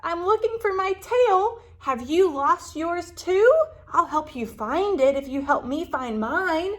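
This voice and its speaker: A woman voicing a small, frightened male lizard who has lost his tail, speaking high and eager in a storybook reading. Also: expressive, takes it slowly, a bit bright, full character voice. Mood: anxious.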